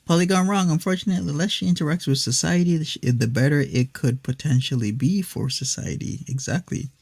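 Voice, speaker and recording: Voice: mid-range voice, a little fast, creaky, darkish tone, no echo. A channel host from Canada giving sarcastic reaction commentary with dry, mocking asides. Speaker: channel host reviewing a video.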